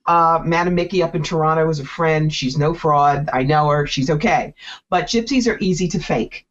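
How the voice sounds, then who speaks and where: A woman who teaches psychics, speaking in a fairly low voice as she tells stories bluntly and with wry humor. The radio sound is slightly muffled. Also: normal speed. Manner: lively storyteller, wry and blunt. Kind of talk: radio interview talk.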